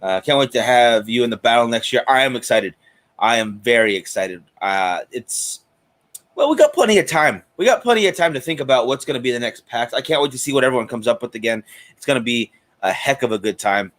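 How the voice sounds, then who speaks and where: A man's voice: medium pitch, lively intonation, a little fast, a bit bright. A man hosting a live cigar stream in a chatty, casual way, greeting viewers by name. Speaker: host of a cigar show.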